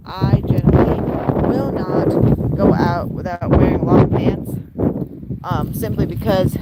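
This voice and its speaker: A woman vlogs about her pet geese outdoors near the water, chatting casually and laughing often. Her voice sits at an ordinary middle pitch. Loud outdoor noise runs behind the handheld camera. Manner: chatty, laughs often, coos at the birds in a high voice. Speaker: pet goose keeper and channel host. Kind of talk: casual vlog narration.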